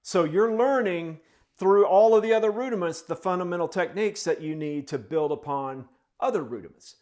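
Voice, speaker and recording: A man's voice: sits high, lively intonation, moderate pace, very noisy. A man teaching a drum lesson step by step, speaking the rhythms aloud in syllables as he demonstrates them.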